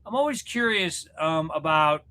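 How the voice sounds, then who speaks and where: A man talks to his livestream viewers in a loose, wandering way, often joking about himself. His voice sits a little high and sounds bright and forward. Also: lively intonation, normal speed. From Missouri, USA. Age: 40s. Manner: rambling, self-deprecating, joking. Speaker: livestream host chatting with viewers. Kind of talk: casual livestream chat. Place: room at home, in front of a mirror.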